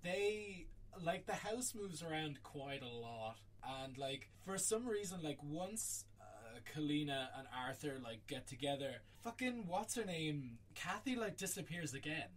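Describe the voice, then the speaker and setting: A man's voice: fairly high pitch, big pitch swings, measured pace, hardly any pauses, distant mic, slight background noise. Man, podcast co-host, casual rambling film talk, swears a lot, sits back from the mic.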